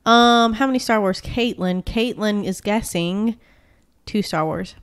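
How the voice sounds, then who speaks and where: A young woman co-hosts a casual podcast and tells funny stories with animated retellings. She jumps in with quick reactions. Her voice sits in an ordinary middle pitch. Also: clear, resonant tone. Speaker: podcast co-host. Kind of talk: casual chat.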